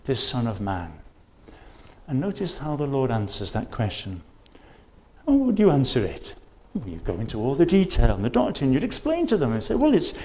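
A man's voice: mid-range voice, mellow. A man preaching a sermon in church, earnestly pressing his listeners with repeated questions and quoting scripture. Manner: earnest, urgent appeals, repeated rhetorical questions; quotes scripture in old-fashioned wording.

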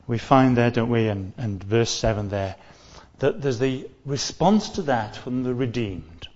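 A man's voice: medium pitch, animated, measured pace, a little mellow. Earnest male preacher, lo-fi recording. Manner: earnest, repeats and restarts phrases, stresses key words. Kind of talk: sermon.

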